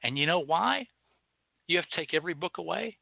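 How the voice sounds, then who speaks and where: A man's voice: a little high, animated, brisk, creaky, no echo. A man hosts a show and delivers an angry, profane, scolding monologue. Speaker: host of a hoodoo and rootwork show. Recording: tinny phone-like line, dry.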